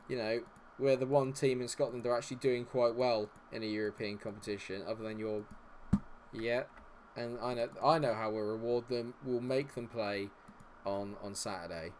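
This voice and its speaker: A man's voice: medium pitch, brisk, a little hiss or hum. A man giving live commentary on a football management game, frustrated and sarcastic, swearing often. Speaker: gaming streamer.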